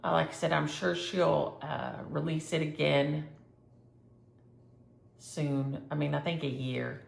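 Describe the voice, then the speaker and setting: A woman's voice: low voice, creaky, roomy sound, a little hiss or hum. A woman chatting casually and rambling as she shows her cross-stitch projects to viewers. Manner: chatty, rambling, thinks aloud. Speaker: flosstube host.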